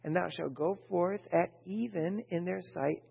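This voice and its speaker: A man preaching a sermon, reading scripture aloud and then explaining it in casual talk, with a gravelly, husky voice. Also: high voice, unhurried. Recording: dull lo-fi with long hall reverb.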